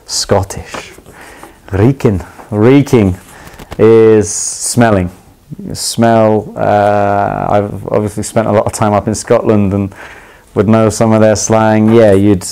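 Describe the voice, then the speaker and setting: A young man from London talks in a low, mellow voice with a clear London accent. He explains slang in a loose, chatty way, stumbling over restarts and fillers and laughing easily as he goes. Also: little pitch movement, a little slow, rough recording. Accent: London English. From England. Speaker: footballer. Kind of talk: casual explanation of slang to camera.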